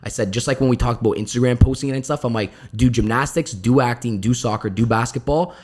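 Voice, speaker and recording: A young man talking fast in a relaxed podcast chat, his pitch sitting in the middle of the male range. He tells stories and acts out the voices of people he quotes, filling his talk with "I'm like.". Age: young adult. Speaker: podcast guest.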